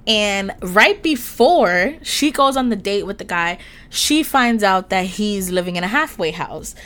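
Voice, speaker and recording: A young woman in her twenties telling a date story in a casual, animated, profane way with laughing asides. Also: mid-range voice, a little slow. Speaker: podcast host.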